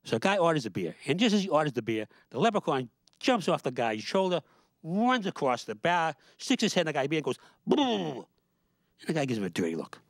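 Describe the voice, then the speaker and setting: A man hosting a show, telling comic stories and jokes in an animated, exasperated way. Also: on the high side, fast, no echo. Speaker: host. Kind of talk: comic storytelling.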